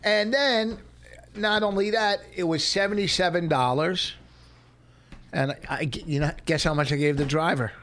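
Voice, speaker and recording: A man's voice: fairly high pitch, fairly even intonation, moderate pace, fairly bright tone. A man comedian telling meandering stories on a podcast, rambling and restarting. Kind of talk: casual podcast storytelling.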